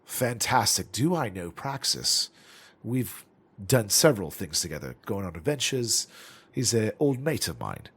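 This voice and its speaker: A man's voice: on the low side, big pitch swings, a little slow, breathy edge, heavily acted. A man putting on a flustered old man adventurer's voice. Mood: delighted.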